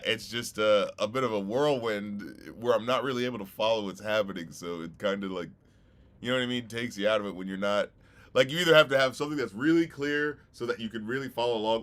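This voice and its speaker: A man's voice: medium pitch, fairly bright tone. A man hosting a music listening stream, giving loose, casual reactions full of fillers and the odd swear. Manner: rambling, heavy on fillers and "you know what I mean", swears casually.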